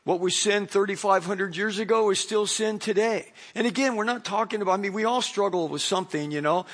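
A middle-aged man preaching a sermon as pastor, talking in a loose conversational way and acting out little stories. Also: high-pitched. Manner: conversational, animated storytelling with acted voices.

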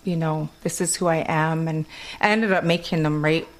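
A woman's voice: low-pitched, moderate pace. Laughing woman with a Kwakwala-tinged accent. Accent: Kwakwala-influenced English. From Alert Bay, Canada. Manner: laughs often, animated storytelling. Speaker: guest. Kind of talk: casual chat.

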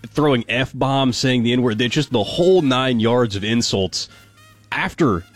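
A man co-hosting a casual news commentary, relaxed and amused, laughing as he tells the stories. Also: mid-range voice, a little slow, no room sound, soft background music. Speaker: co-host.

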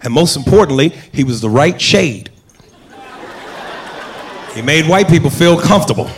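A man's voice: fairly high pitch, animated, moderate pace. A man doing stand-up, talking straight to the crowd in a punchy way. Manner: punchy, addresses the crowd directly. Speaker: stand-up comedian. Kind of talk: stand-up routine. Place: comedy club stage. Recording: echoey live club with crowd and noise.

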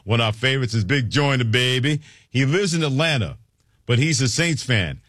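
A man co-hosting a sports talk radio show, easygoing and quick to laugh. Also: mid-range voice, animated, a bit bright, dry recording, studio quality. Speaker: radio co-host.

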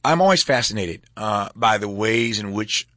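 A man hosting an interview, brisk and encouraging, pressing the next question between quick asides. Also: on the low side, animated, sharp tone, dry recording. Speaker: interview host. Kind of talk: radio-style interview.

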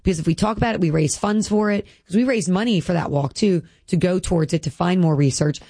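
Earnest woman with gravelly voice. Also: on the low side, quick pace, dark tone, no room sound. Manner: earnest, emotional, lots of "like" fillers. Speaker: guest. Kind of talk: candid personal interview.

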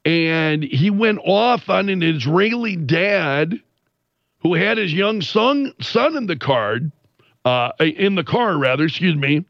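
A man with a high-pitched voice talks through the news in an unhurried, deliberate way, retelling an incident with lively emphasis. The recording is dry and a little muffled. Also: vocal fry, no room sound. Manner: animated, retells quotes with censored swearing. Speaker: commentator. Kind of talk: casual news commentary.

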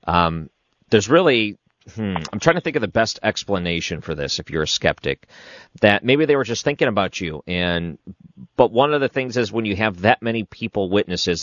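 A man's voice: fairly low pitch, a bit bright, no room sound, lo-fi sound. A man hosting a late-night call-in radio show, thinking aloud and steering callers along. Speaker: radio talk show host.

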